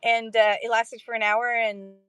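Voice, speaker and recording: A woman's voice: on the high side, level tone, normal speed, fairly bright tone, smooth, no echo. A woman hosting a casual livestream chat for sellers, talking in a rambling, self-deprecating way and laughing often. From Canada.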